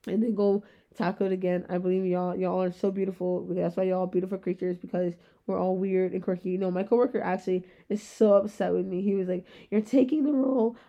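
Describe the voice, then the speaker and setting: A young woman in her twenties hosting a solo podcast, rambling in very fast casual chat with a rough-sounding voice. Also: fairly low pitch, flat delivery, lo-fi sound. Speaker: podcast host.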